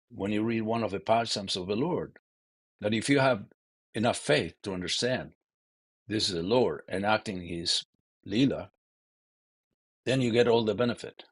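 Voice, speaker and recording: A man's voice: on the low side, breathy edge, no echo. A man giving a devotional scripture lecture in a loose, conversational way, often saying "you know". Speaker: scripture class speaker.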